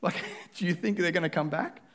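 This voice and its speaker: A man's voice: high-pitched, moderate pace, a bit bright. A man preaching a sermon in a conversational way, acting out both sides of the dialogues he describes.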